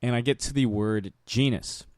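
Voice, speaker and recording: A man's voice: medium pitch, normal speed, a little mellow, dry recording, studio quality. A young man co-hosting a casual chat show, telling a school story and giggling as he stumbles over his words. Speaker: podcast co-host.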